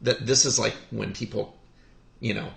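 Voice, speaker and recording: A man telling a personal story on a podcast, speaking in a halting, heartfelt way with many pauses. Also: on the low side, fairly even intonation, gravelly, a bit bright. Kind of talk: podcast conversation. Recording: roomy echo.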